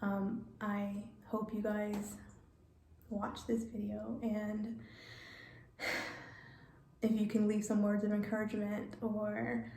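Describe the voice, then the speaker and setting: A woman telling a personal story in a vlog, halting and repeating words, getting emotional. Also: mid-range voice, monotone, gravelly, darkish tone, reverberant, slight background noise. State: emotional, near tears. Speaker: vlogger.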